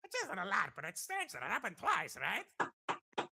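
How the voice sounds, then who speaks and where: Doctor Doofenshmirtz, high and whiny. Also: male voice, huge pitch swings, unhurried, creaky, pushed and bright, breathy edge, full character voice. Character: scheming middle-aged male cartoon mad scientist.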